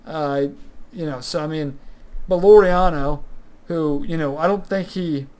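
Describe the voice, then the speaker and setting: A young man with a somewhat higher-than-usual voice runs through a sports recap on his own. He talks loosely and off the cuff, trailing into fillers and restarting his sentences as he goes. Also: unhurried, a little mellow. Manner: rambling, many fillers like "sort of" and "uh". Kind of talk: casual solo sports commentary.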